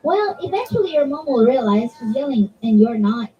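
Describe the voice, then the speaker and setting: Lively high-voiced woman teaching children. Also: moderate pace, recorded from a distance, highs cut off. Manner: animated, acts out examples in voices. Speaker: children's religious class speaker. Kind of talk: interactive talk to children. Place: religious center hall.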